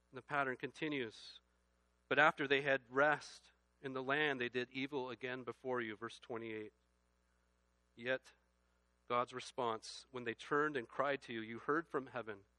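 Bright-voiced preacher building to loud emphasis. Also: male voice, mid-range voice, dry recording. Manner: builds from quiet to loud, emphatic reading of scripture. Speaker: pastor. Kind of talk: sermon.

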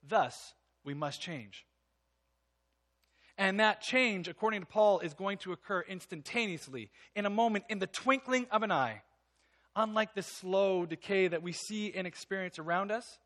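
A male pastor with a high, bright voice delivers a sermon. He reads a passage aloud, then explains it with earnest emphasis. He often sinks to a hushed tone to drive a point home.

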